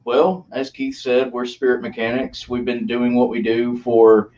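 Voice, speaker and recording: Guy from a paranormal team talking slow and halting, lots of ums, muffled call audio. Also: medium pitch, little pitch movement, darkish tone, slight background noise. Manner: slow, halting, with many fillers. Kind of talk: casual live-stream chat.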